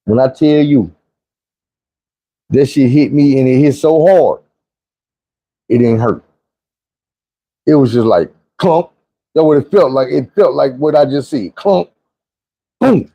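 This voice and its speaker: A man's voice: mid-range voice, measured pace, long pauses, no echo, poor audio. A young man telling a profane, vivid personal story in a casual monologue. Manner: vivid, profane retelling with shouted quotes.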